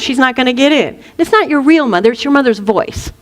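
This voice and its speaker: A woman with a high voice gives a spiritual teaching talk in a playful, lively way, laughing often and slipping into little acted voices. She speaks as a minister to her listeners. The sound carries a long hall reverb. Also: fast.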